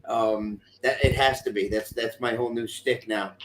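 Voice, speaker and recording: A man co-hosting a live stream, chatting casually, excitable and over the top, laughing easily. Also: mid-range voice, normal speed, crowd noise. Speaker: podcast co-host. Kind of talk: casual chat. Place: home studio for a live stream.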